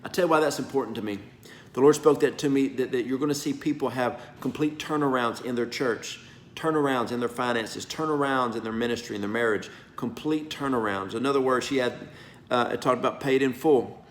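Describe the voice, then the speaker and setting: A man gives a casual prophetic sermon, folksy and emphatic, dropping low and then pushing loud. His voice is mid-pitched. It rings in a roomy space, with faint noise underneath. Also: a little fast. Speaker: pastor. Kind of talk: informal prophetic teaching.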